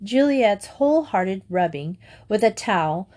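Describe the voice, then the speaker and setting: Calm woman narrating a storybook. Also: medium pitch. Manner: calm, measured reading. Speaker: audiobook narrator.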